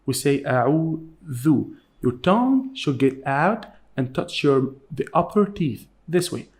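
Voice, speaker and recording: Slightly high-voiced man correcting pronunciation. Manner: corrective, contrasts right and wrong sounds. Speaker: sheikh teaching recitation. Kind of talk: pronunciation lesson.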